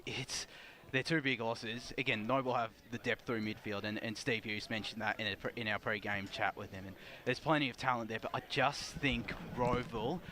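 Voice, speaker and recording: Male commentator, bright edgy voice, earnest pre-game analysis. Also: mid-range voice, slight background noise. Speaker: radio football commentator. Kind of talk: pre-match radio chat.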